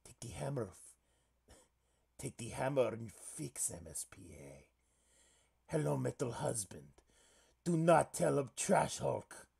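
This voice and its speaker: A man voicing a stern, deadpan woman with a mock Russian accent in halting, clipped whispered role-play. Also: mid-range voice, gravelly, slightly rough, exaggerated voice.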